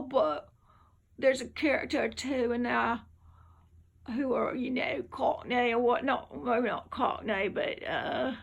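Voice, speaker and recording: Woman vlogging at home, kinda tired, raspy fry in her voice, pitched a bit high, just rambles along. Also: steady tone, takes it slowly. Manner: rambling, chatty, drifts between topics. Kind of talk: casual home vlog. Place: home, indoors.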